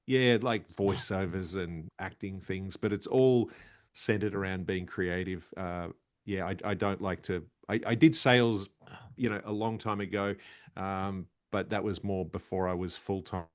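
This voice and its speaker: A man with an Australian accent, a comedian guest telling animated stories and slipping into voices. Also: deep voice, a little slow, clean tone, no room sound, studio quality. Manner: animated storytelling, slips into voices. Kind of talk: casual interview chat.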